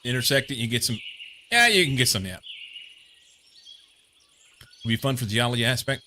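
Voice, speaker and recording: A man's voice: medium pitch, animated, normal speed, sharp tone, a little hiss or hum. A young man from Missouri streaming a game, chatting casually and rambling with lots of fillers. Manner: rambling, meandering, many fillers. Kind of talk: casual chat while playing a game.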